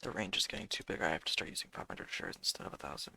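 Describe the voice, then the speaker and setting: A man's voice: deep voice, racing, gravelly, sharp tone, slightly rough, dry recording. A man giving live commentary on his own day trading, muttering prices and cursing when trades go wrong.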